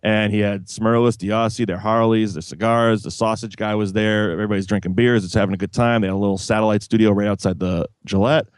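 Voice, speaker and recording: A man telling stories in a relaxed podcast chat, co-hosting with friends. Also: on the low side, quick pace, hardly any pauses, clean tone, no room sound. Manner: laid-back storyteller, chuckles often. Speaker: podcast co-host.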